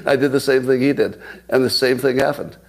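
A man's voice: medium pitch, steady tone, normal speed. A man in his sixties hosting a casual livestream, chatting and laughing as he tells stories to viewers. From United States. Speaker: podcast host.

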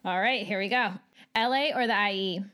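A woman's voice: mid-range voice, brisk, bright, forceful tone, smooth. A woman with a Midwest American accent, hosting a podcast in an upbeat way and laughing easily. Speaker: podcast host.

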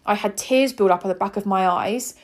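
A woman's voice: mid-range voice, a little fast. A woman in her twenties, hosting a podcast and telling a personal story in an earnest, heartfelt, chatty way. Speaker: podcast host.

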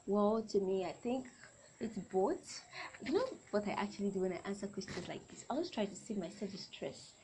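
A woman's voice: mid-range voice, a little fast, background noise. A young adult woman hosting a solo podcast, talking in a chatty, rambling way and often correcting herself. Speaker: podcast host.

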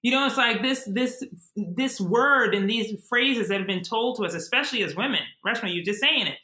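A woman's voice: a little high, normal speed, sharp tone, reverberant. A woman in her forties, a guest speaking with passion and emphasis, often repeating herself. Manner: impassioned, emphatic, repeats words. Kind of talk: candid conversation.

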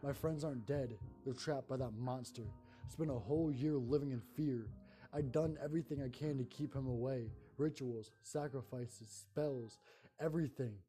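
A man reading a first-person horror story aloud in a calm narrating voice. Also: mid-range voice, normal speed, soft background music.

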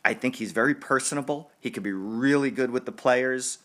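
A man's voice: medium pitch, fairly bright tone. A man hosting a sports podcast, rambling in casual chat and laughing often. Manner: rambling, chatty, laughs often, quick restarts. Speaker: podcast host.

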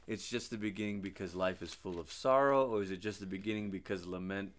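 A man in a casual Bible discussion, attentive, murmuring agreement and asking halting, restarting questions. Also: sits low. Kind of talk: conversational Bible study.

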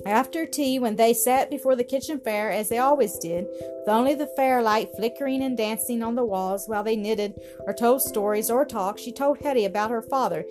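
A woman reading a story aloud in a steady, expressive way. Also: a little high, fairly quick. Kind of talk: storybook narration. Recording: music playing behind.

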